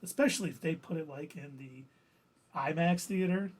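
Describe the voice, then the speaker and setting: A man's voice: on the high side, moderate pace, breathy edge. A man co-hosting a casual fan podcast, easygoing, reading listener comments aloud.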